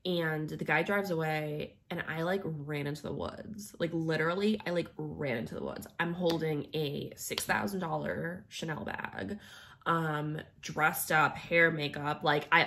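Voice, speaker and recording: A woman's voice: low-pitched, a bit bright. A young woman telling a personal story in a rambling, casual way, full of filler words. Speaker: vlogger.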